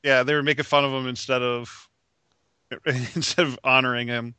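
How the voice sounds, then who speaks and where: A man's voice: mid-range voice, level tone, moderate pace, bright, forceful tone, smooth, no room sound. A man co-hosting a casual podcast chat about comics, often laughing as he reads quotes aloud. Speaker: podcast co-host reviewing comics.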